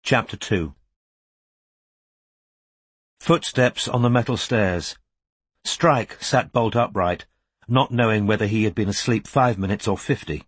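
Calm male audiobook narrator. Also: fairly low pitch, husky. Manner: calm, measured storytelling, slows at quiet moments. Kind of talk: scripted narration.

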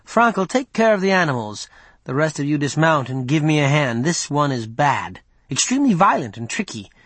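A man's voice: fairly high pitch, very animated, normal speed, a bit bright, no room sound. A man reading an audiobook, voicing a bold young male rebel leader who speaks urgently and persuasively.

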